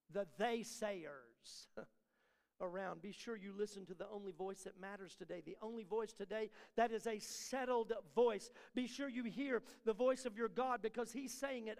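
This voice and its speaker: A man preaching a sermon in a church, building repeated refrains and then dropping to soft, close asides. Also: high-pitched, unhurried, creaky. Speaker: pastor. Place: church sanctuary. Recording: long hall reverb.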